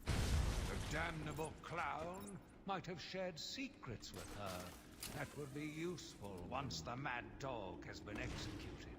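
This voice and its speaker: A cold, calculating asylum warden recorded for a game audio diary, measured and sinking into whispers. He speaks at a crawl, his pitch rising and falling widely. The recording carries a long reverb and clear background noise. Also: lively intonation. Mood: cold, scheming. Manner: slow, measured, dropping to a whisper.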